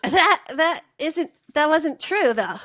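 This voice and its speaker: A woman in her thirties telling a rambling, profane personal story in a casual, animated way. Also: high voice, slow, low-quality recording.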